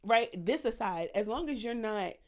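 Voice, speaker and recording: A woman co-hosting a podcast in casual chat, an animated storyteller who swears freely and acts out gossip in high mock voices. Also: moderate pace. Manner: profane, slangy. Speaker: podcast co-host.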